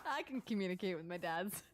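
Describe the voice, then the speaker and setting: Lively woman playing a tabletop game. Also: mid-range voice, slight background noise. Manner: lively, describes her character's actions. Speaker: player.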